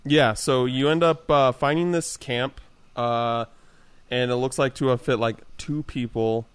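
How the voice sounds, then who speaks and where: Smooth-voiced man recapping casually. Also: medium pitch, no room sound. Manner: relaxed recap with many "uh" pauses. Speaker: podcast co-host. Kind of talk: casual chat recapping a video game.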